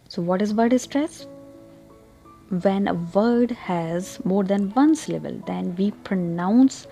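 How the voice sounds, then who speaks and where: Mellow-voiced woman teaching English pronunciation. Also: mid-range voice. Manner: careful, deliberate explaining with demonstrated stressed words. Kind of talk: online pronunciation tutorial.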